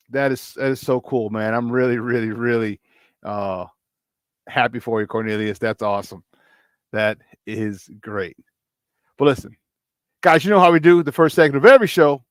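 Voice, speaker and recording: Chatty Chicago sports host. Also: male voice, medium pitch, normal speed, long pauses, dry recording, clean studio sound. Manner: energetic, chatty, repeats himself for emphasis. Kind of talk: casual sports talk.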